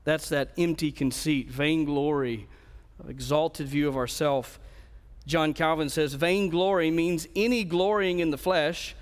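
Male pastor, earnest sermon, fairly high voice, long hall reverb, restarts phrases. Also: fairly even intonation, a little slow, clear, resonant tone. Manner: earnest expository preaching with frequent restarts.

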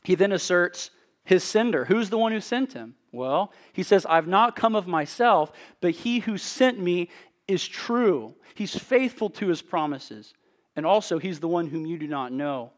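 Earnest male preacher, slightly high voice. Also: expressive. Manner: earnest, emphatic, rhetorical preaching with measured pauses. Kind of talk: expository sermon.

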